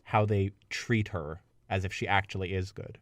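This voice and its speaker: A man's voice: deep voice, steady tone, normal speed, no echo. A man co-hosting a podcast, reading a fan story aloud and joking around in casual chat. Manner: playful, jokey asides. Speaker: podcast co-host and reader. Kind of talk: casual chat and fanfic narration. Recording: dry, distant mic.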